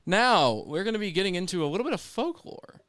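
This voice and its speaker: A man's voice: sits high, fast, dry recording, studio quality. A young man co-hosting a podcast, chatting casually and rambling a bit with jokes. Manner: relaxed, rambling, joking. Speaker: podcast co-host.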